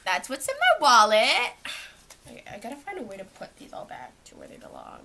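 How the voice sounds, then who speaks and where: Indoors at home, a young Canadian vlogger walks through the contents of her school bag, filling her chatter with "like." Her voice sits fairly high and swoops wildly in pitch at a moderate pace, with noise in the background.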